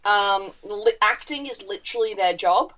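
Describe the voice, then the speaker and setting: A woman's voice: mid-range voice, moderate pace, a crowd in the background. A woman co-hosting a podcast, telling stories in a chatty way and swearing freely. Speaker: podcast co-host. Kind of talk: casual podcast chat. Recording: dull lo-fi sound.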